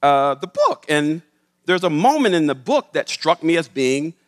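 A man tells a story to an audience in an animated, expressive way and slips into the voices of the people he describes. His voice sits a little high for a man. The sound carries a long reverb, like a large hall. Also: a little slow. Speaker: speaker telling a story to an audience.

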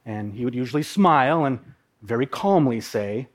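A man in his thirties from the upper Midwest, telling a personal story on stage in a vivid, dramatic way with pauses. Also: medium pitch, animated. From Minnesota, USA. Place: live talk on a stage.

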